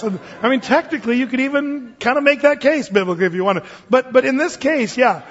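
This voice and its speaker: A man's voice: very high-pitched, expressive, brisk, few pauses, husky. A man preaching a casual verse-by-verse Bible sermon, joking and digressing as he teaches. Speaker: pastor. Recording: dull sound with long reverb.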